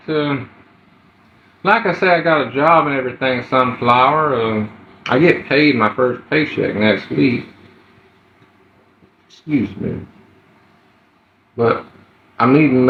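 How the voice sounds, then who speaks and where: A man hosts a casual live stream, greeting people by name between halting pauses. His voice sits in a middle range. The audio is roomy and muffled, with a faint hiss behind it. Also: medium pitch. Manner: greets viewers one by one, halting with many fillers. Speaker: livestreamer. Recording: roomy, dull, slightly noisy phone audio.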